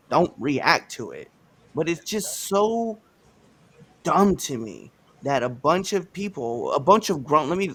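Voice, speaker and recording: A man hosting a live podcast, ranting in a casual, animated way with slangy asides. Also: mid-range voice. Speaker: podcast host.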